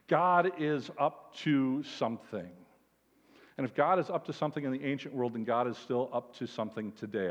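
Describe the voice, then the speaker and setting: A man, a pastor, delivering an emphatic, animated sermon with lots of repetition. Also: medium pitch. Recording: dull sound, long hall reverb.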